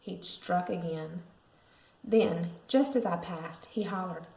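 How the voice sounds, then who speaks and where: A woman, a parent, reading a picture book aloud to a school class with lively expression. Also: fairly low pitch, slow pace, vocal fry. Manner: expressive storytelling. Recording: roomy echo.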